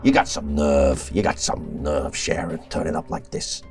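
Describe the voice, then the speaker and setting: A man's voice: extremely low pitch, steady tone, moderate pace, gravelly, darkish tone, soft background music, voice pushed down. A man voicing a menacing gangster uncle who needles and accuses. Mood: scornful.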